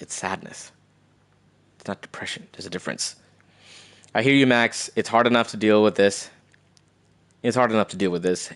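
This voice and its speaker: A man's voice: lowish voice, a bit bright, clear, resonant tone. A man doing casual live commentary on a game playthrough, reading in-game messages aloud and adding slangy quips. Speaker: streamer.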